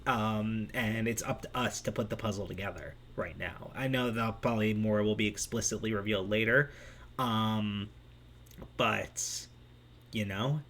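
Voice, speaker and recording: Low-pitched male vlog host, excitable unscripted commentary, desktop mic. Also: measured pace. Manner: excitable, breaks into laughs, many fillers and restarts. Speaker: vlog host analyzing a manga chapter. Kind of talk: off-the-cuff commentary.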